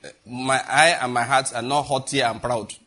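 A middle-aged Nigerian man preaching with animated storytelling and Pidgin asides. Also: medium pitch, moderate pace. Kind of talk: sermon.

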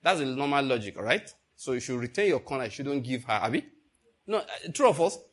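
Speaking at a medium pitch and a little fast, an older preacher tells an animated story during his sermon. Along the way he calls out questions to his congregation.

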